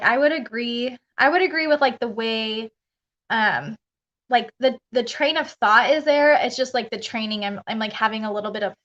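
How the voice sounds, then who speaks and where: A woman's voice: fairly high pitch, a bit bright. A woman spiritual coach chatting casually on a live stream, rambling through her thoughts and laughing often. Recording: dull lo-fi live stream audio.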